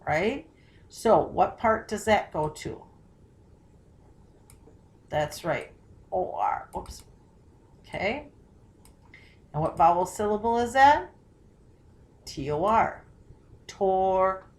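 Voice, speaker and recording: A woman teacher walking students through a recorded spelling tutorial, sounding out words slowly and often checking in with questions. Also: mid-range voice, animated.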